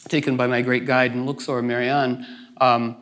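A man's voice: mid-range voice, little pitch movement, moderate pace, a bit bright. A man giving a casual talk to a group, rambling with many restarts and fillers, and laughing through his funny stories. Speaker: speaker at a gathering.

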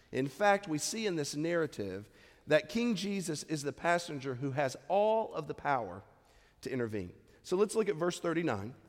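A man preaching a sermon as pastor, conversational, full of rhetorical questions to the congregation. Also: a little high. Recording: long hall reverb.

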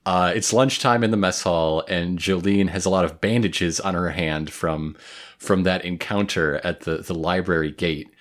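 A man's voice: deep voice, fairly even intonation, normal speed. A man co-hosting a podcast, casually recapping an anime with playful jokes. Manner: joking, playful asides. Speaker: podcast co-host.

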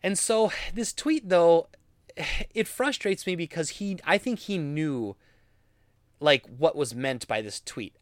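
A man's voice: a little high, unhurried, no echo, studio quality. A young adult man giving opinionated commentary, reading tweets aloud with an exasperated, sarcastic edge. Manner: animated, exasperated, sarcastic, with frequent laughs.

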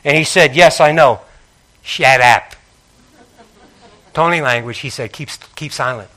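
A man's voice: fairly high pitch, a little fast, a bit bright. A man preaching a sermon, calling out to his congregation and reading scripture with emphasis.

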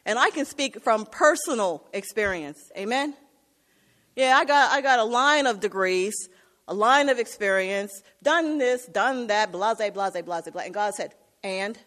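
Woman preacher, high voice, passionate sermon delivery, long hall reverb. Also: lively intonation, measured pace, fairly bright tone. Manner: impassioned, calls for "Amen?". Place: church.

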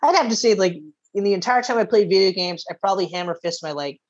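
A woman's voice: medium pitch, fast. Playful female co-host, teasing banter, slightly muffled lo-fi audio. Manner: playful, teasing, acts out voices in anecdotes. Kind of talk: casual chat.

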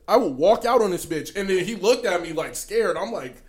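Blunt, profane man, slightly high voice. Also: expressive, a little fast. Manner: blunt, profane, tells confrontational stories. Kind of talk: casual chat.

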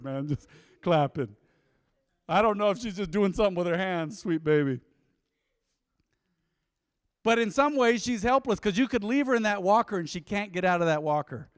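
A man's voice: high voice, expressive, normal speed, long pauses, smooth, no room sound, studio quality. A man preaching a sermon to his congregation in a conversational, playful way with asides. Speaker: pastor. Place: church before a congregation.

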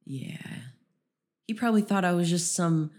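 A woman's voice: on the low side, normal speed, a little mellow. A young woman co-hosting a podcast, telling a rambling story in casual chat, with many "um"s and "you know"s. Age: young adult. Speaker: podcast co-host.

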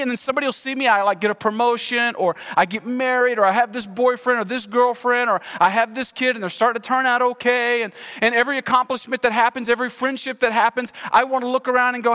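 A middle-aged man preaching a sermon as pastor, shifting from hushed prayer to lively, expressive storytelling. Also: very high-pitched, normal speed, clear, resonant tone. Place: large church sanctuary. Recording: long hall reverb.

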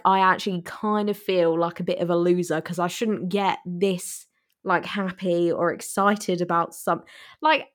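A woman's voice: mid-range voice, a bit bright. A young woman, co-hosting a casual chat, telling stories animatedly and giving blunt opinions. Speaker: podcast co-host.

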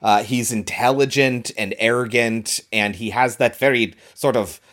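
A man co-hosting a casual film discussion, talking in a relaxed, loose way with plenty of fillers. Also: mid-range voice, unhurried. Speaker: podcast co-host.

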